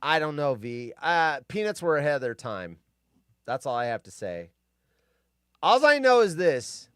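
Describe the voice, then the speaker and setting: A man's voice: on the high side, big pitch swings, measured pace, clear, resonant tone, no room sound, studio quality. A man hosting a casual live stream, grumpy and profane, ranting and rambling.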